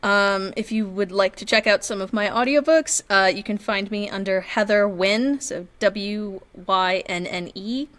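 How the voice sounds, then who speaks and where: A woman's voice: medium pitch, a little slow, hardly any pauses, fairly bright tone. A woman who narrates audiobooks, chatting casually as a podcast guest and laughing often.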